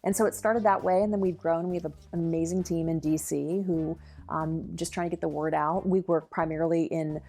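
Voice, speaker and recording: A woman's voice: sits low, fairly even intonation, brisk, hardly any pauses, dark tone, soft background music. A middle-aged woman, a lactation consultant and dietitian, speaking earnestly and eagerly as a podcast guest. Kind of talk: podcast interview.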